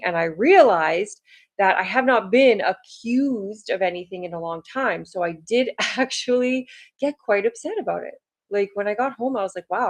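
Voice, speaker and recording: A woman talks casually to her viewers in a chatty, rambling way, full of "like" and "um". Her voice sits at an ordinary middle pitch. She sounds like someone catching up with friends in a relaxed vlog. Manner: chatty, rambling, frequent "like" fillers. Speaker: vlogger. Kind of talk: casual chat to camera.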